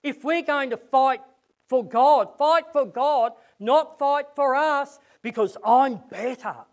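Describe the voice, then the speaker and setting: A man's voice: extremely high pitch, slow. A man preaching a sermon and leading a prayer, earnest, often repeating words as he goes.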